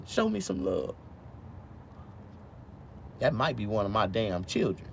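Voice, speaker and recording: Talking at a moderate pace with long pauses, this deep-voiced man sounds creaky as he rambles through a casual live stream. His speech is slurred from missing teeth and full of swearing, veering between quiet mumbling and loud excitement, with faint noise behind him.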